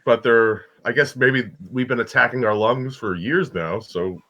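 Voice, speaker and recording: A man's voice: medium pitch, a little slow, bright, forceful tone. A man in a casual comedy chat, bantering loosely with jokes and swearing. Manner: loose, joking, profane banter. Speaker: podcast participant.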